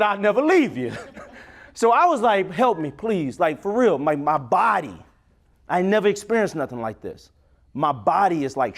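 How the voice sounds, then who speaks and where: A young man giving a motivational keynote on a conference stage, swinging from loud to near-whisper with a preacher-like cadence. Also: fairly high pitch. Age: young adult. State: choked up and crying at times. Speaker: motivational speaker.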